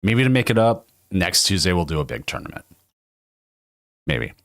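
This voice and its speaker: Hoarse low-voiced man hosting a stream. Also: sing-song, moderate pace, a bit bright, dry recording, clean studio sound. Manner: rambling, self-interrupting, laughs often. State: hoarse from a cold. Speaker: tournament stream host. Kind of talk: casual livestream hosting.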